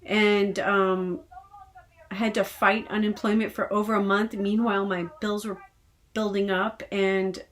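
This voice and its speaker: A woman's voice: medium pitch, level tone, a little slow. A woman from Texas venting in a casual personal vlog, frustrated and rambling with many hesitations. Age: adult with decades of work history. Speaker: vlogger.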